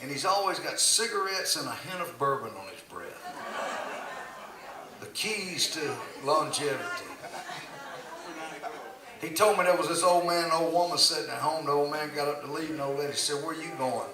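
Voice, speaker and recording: A man's voice: on the high side, normal speed, pauses often, crowd noise. An older man telling casual, laughing stories about his years as a country singer. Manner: folksy, laughing, drawling storyteller. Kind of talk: casual storytelling. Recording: echoey, distant, noisy live room.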